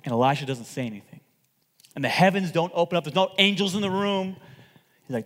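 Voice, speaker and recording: A man preaching a sermon to his church, swinging between loud outbursts and hushed asides and acting out the people he quotes. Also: a little high, lively intonation, quick pace, in a large hall. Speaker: pastor.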